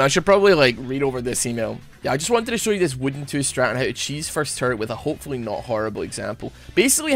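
A gaming streamer, a young man with a mid-range, somewhat bright voice, meanders through lighthearted play-by-play while teasing himself.

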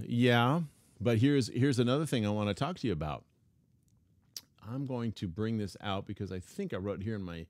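A man's voice: on the low side, darkish tone, no room sound, clean studio sound. A man preaching a sermon, emphatic, repeating key phrases and reading scripture aloud. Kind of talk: sermon teaching.

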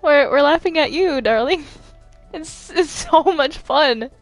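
A woman voicing a smug, teasing female cartoon angel in a Minecraft role-play, sweetly mocking and calling others darling, in a slow, fairly high voice. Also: expressive, soft background music.

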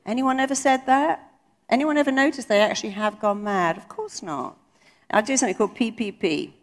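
A woman's voice: fairly high pitch, brisk, big-room sound. A middle-aged woman giving an emphatic motivational talk to a live audience, acting out quoted voices. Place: conference hall.

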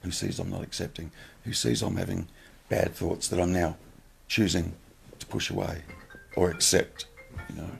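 A man's voice: low-pitched, fairly even intonation, normal speed, vocal fry, soft background music. A man giving a casual spiritual talk as a teacher, blunt and questioning, swearing freely. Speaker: nonduality teacher.

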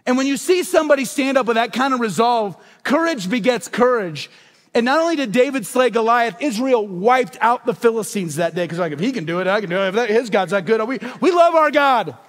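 A pastor delivers a sermon with emphatic repetition, asking questions and answering them himself. His voice sits fairly high for a man. A long church reverb hangs behind him. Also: lively intonation, brisk, few pauses. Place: church sanctuary.

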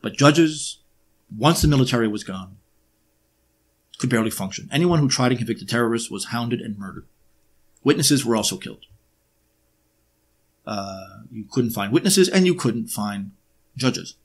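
A man presenting an unscripted history monologue, emphatic and sarcastic, often pausing on uh and um while he builds his points. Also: mid-range voice, animated, husky. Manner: emphatic, with sarcastic rhetorical questions; frequent hesitations with uh and um.

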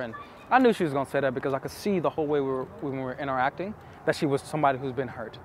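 In a mid-range voice and at a very fast clip, a man coaching on dating tells intimate, earnest stories to camera, often repeating phrases for emphasis. Slight background noise can be heard.

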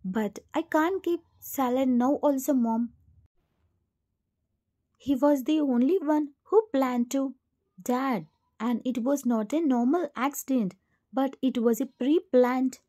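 Cold paralyzed young man, heartfelt and earnest, read by a woman, high and soft-toned. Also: takes it slowly. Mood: confessing.

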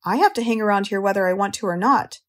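A woman's voice: mid-range voice, fast, natural voice. Woman reading as an anxious young pig. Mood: dreamy. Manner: eager, pleading, worried.

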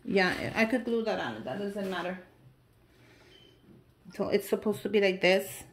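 Gushing excitable woman unboxing gifts. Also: mid-range voice, a little slow, long pauses, background noise. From United States. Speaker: vlogger opening mail. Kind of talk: casual unboxing chat to viewers.

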